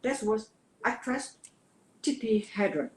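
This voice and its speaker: An older woman from Vietnam with a Vietnamese accent, a guest telling her life story in an interview, earnest and halting, often repeating words. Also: fairly high pitch, animated. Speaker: guest, actress. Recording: roomy echo.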